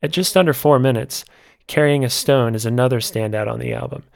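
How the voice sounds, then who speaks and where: A man narrating a scripted music album review in a measured, descriptive way. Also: medium pitch, vocal fry, a little mellow.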